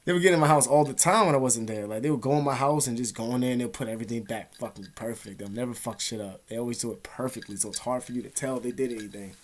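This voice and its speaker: A man's voice: mid-range voice, fast, few pauses. A young man vlogging from an indoor room, telling a story in a rambling, profane, streetwise way. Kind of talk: casual storytelling to camera.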